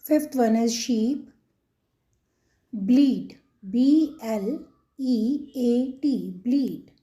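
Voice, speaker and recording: A woman's voice: on the high side, extremely slow, dark tone. A woman with an Indian English accent hosting a children's lesson, naming animal sounds and spelling each word out letter by letter. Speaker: kids' channel host.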